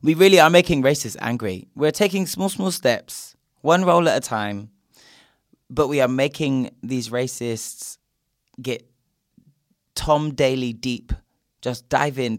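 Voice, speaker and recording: A man's voice: mid-range voice, no room sound, clean studio sound. A young man ranting sarcastically and swearing freely while hosting a casual podcast chat. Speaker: podcast host.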